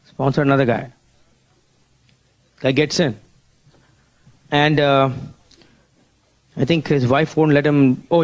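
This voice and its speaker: A man giving a motivational seminar talk, telling stories and often asking the audience questions. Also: a little high. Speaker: motivational speaker at a business seminar.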